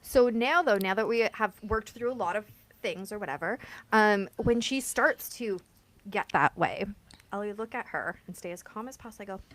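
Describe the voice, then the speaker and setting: A woman's voice: mid-range voice, expressive, moderate pace. A woman hosting a podcast who chats casually and tells side stories, acting out bits of dialogue. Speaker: podcast host. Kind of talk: casual interview chat.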